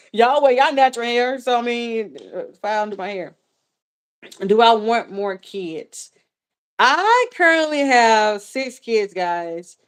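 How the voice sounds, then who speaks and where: A woman's voice: mid-range voice, clean tone. A woman in her thirties, a vlogger answering viewer questions in a casual live chat, talking candidly with lots of fillers and repeats. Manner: candid and chatty, with frequent fillers and swearing; rambling, repeats herself.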